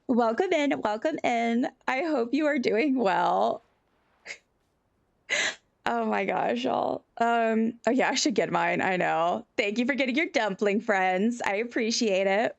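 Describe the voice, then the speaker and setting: Giggly animated woman streamer, gravelly edge. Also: on the high side, unhurried, no echo, highs cut off. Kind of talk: casual live-stream chat.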